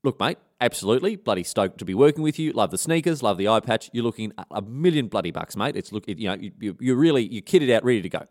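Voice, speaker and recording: A man's voice: on the low side, animated, quick pace, hardly any pauses, darkish tone, lightly acted. A man voicing an eager, agreeable male soldier sidekick who gushes in slang. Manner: keen, gushing, slangy.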